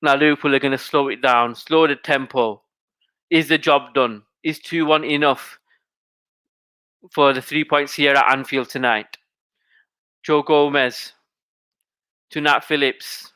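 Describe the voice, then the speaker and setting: A man doing live play-by-play football commentary, calling each pass in quick running phrases. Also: mid-range voice, smooth, dry recording. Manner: rapid running play-by-play, rising to excited shouting at goals.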